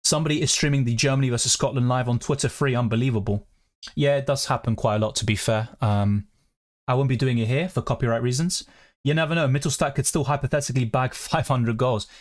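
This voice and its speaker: Chatty streamer, swears freely. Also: male voice, medium pitch, quick pace. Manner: chatty, swears freely, reacts while reading viewer comments. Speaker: fantasy football streamer. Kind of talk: casual live-stream chat. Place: at home.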